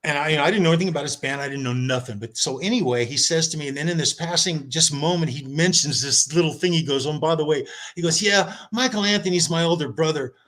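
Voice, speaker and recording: A man with a slightly raised voice spins a long story in casual chat, bouncing between loud excitement and hushed asides. He acts out what others said and talks over a video call. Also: on the high side, quick pace, few pauses. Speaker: podcast guest.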